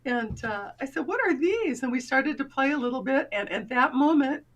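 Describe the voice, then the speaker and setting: Lively high-voiced woman telling a story. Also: a little fast. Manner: animated, acts out quoted voices. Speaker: guest confidence coach. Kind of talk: storytelling in a casual interview.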